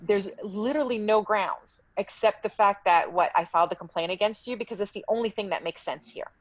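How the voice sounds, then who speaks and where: A woman's voice: mid-range voice, a little fast, no room sound, lo-fi sound. A woman telling her own story in a casual interview, heated and indignant as she recounts dialogue.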